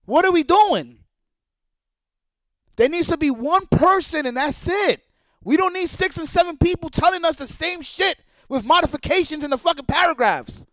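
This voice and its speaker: A man's voice: extremely high pitch, lively intonation, moderate pace, a bit bright, dry recording. A man streaming live, ranting in a profane, heated and repetitive way. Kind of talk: livestream rant.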